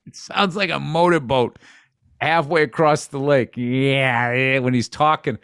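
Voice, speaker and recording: A man's voice: a little high, moderate pace, fairly bright tone, no room sound, studio quality. A man co-hosting a podcast, in wry, profane, rambling chat. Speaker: podcast co-host.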